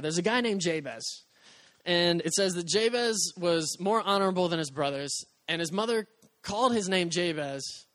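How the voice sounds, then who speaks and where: A man's voice: high-pitched, fairly bright tone, no room sound. A young adult male pastor preaching in an earnest, conversational way, acting out quoted voices as he goes. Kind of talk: sermon.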